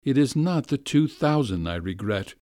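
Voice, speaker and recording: A man's voice: medium pitch, expressive, normal speed, warm tone, no echo, clean studio sound, voice pushed up, lightly acted. A man reading a story aloud, voicing a weary, indignant wealthy middle-aged lady. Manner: weary, self-pitying, indignant.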